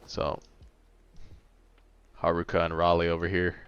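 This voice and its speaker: Deep-voiced laid-back man in his late twenties. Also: completely flat delivery, a little slow, a bit bright, clear, resonant tone, muffled recording, soft background music. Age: late 20s. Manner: laid-back, chatty, a little tired. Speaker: gaming streamer. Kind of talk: casual livestream chat, reading chat.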